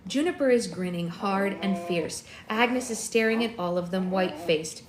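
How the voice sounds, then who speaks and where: A young woman hosting a readalong, reading a novel aloud in a steady, expressive way. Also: medium pitch, normal speed, echoey room, a crowd in the background. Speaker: readalong host.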